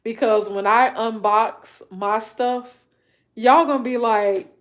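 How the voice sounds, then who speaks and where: A woman hosting a casual livestream, chatting with viewers and telling animated stories. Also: a little high, takes it slowly. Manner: animated storytelling, acts out quoted voices, laughs often. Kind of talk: casual live chat, reading viewer comments.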